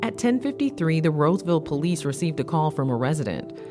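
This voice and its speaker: Low-voiced woman narrating a documentary. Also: big pitch swings, over music. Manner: measured, matter-of-fact. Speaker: host and narrator.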